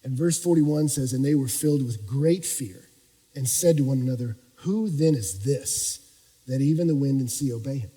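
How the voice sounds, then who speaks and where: A man preaching a sermon as pastor, swinging from hushed, quiet stretches up to shouting. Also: mid-range voice, moderate pace, breathy edge. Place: large church auditorium. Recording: long reverb of a large hall.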